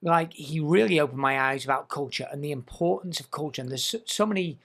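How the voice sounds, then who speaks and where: Eager higher-voiced podcast host. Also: male voice, a little fast, creaky, fairly bright tone. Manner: emphatic, enthusiastic. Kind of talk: casual podcast chat. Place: podcast studio.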